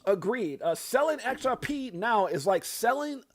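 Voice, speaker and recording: Crypto stream host, American man, middle-aged, high-pitched, dry close mic, angry casual venting. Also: big pitch swings, measured pace, no echo. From United States. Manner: heated, venting, swears often. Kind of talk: casual ranting livestream talk.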